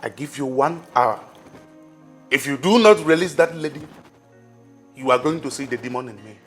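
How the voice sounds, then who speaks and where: An actor playing a man who makes forceful threats. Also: medium pitch, expressive, normal speed, soft background music, close to an everyday voice. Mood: threatening. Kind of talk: film drama acting.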